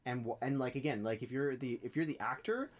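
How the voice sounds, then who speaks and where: A man's voice: mid-range voice, a little fast. A man co-hosting a podcast in casual chat about a TV episode, enthusiastic and rambling, often restarting his sentences. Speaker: podcast co-host.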